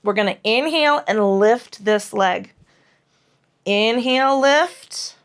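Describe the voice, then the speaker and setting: A woman yoga instructor guiding a class through hip and low back moves, cueing breath in a frank, playful way with casual swearing. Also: slow, smooth.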